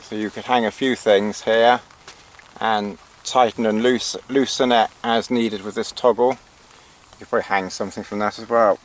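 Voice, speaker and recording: A man's voice: lowish voice, steady tone, normal speed. A man giving a casual walkthrough of a tent from inside it, hesitant, with dry sarcastic asides. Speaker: outdoor gear reviewer. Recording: faint rain noise on tent.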